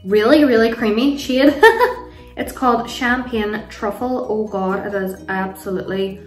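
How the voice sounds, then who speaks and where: Soft music plays faintly as a young woman from Ireland, a beauty vlogger, talks through a makeup tutorial and Q&A at home while kids are around. Her voice is mid-range and steady, her pace unhurried, though she rambles, gushes over products and laughs frequently. The sound is roomy, captured from a distance.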